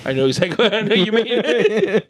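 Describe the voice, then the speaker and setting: A man hosting a podcast, retelling a film plot in a rambling, animated way with lots of filler words. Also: high voice, moderate pace. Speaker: podcast host. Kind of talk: casual chat.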